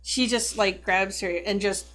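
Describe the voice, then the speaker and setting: A woman's voice: medium pitch, steady tone, measured pace, a bit bright. A woman playing a character in a tabletop game, talking casually and describing her character's actions. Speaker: player.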